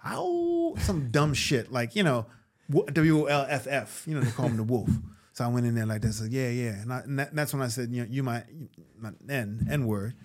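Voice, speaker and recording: Animated man telling a story. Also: mid-range voice, brisk. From New York. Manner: animated, acts out quoted voices, swears freely. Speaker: guest, actor and comedian. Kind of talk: casual storytelling.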